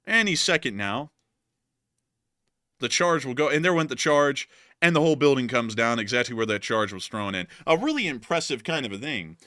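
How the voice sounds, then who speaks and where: A man's voice: a little high, sharp tone, dry recording, studio quality. A man hosting casual war news commentary, explaining footage and cracking jokes as he goes. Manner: joking, laughs often, explains as he goes.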